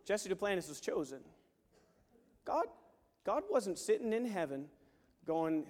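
Animated preacher man in a reverberant hall. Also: high voice, unhurried, long pauses. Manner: animated, swings from hushed to shouting. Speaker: pastor. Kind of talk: sermon with storytelling.

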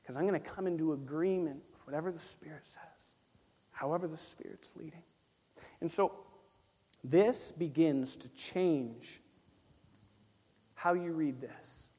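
A man preaches with a fairly high voice, acting out small back-and-forth exchanges and repeating key phrases. His words ring out with a long reverb that fills the church hall. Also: measured pace, long pauses, slightly rough. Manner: animated preaching, acts out little dialogues, repeats phrases. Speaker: pastor. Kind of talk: sermon.

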